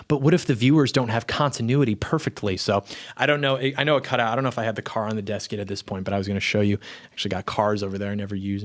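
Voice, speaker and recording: A young adult man, a YouTube commentator, chatting casually and rambling to camera from his home studio, often cutting himself off mid-sentence. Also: mid-range voice. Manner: rambling, self-interrupting, offhand. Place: small home video studio.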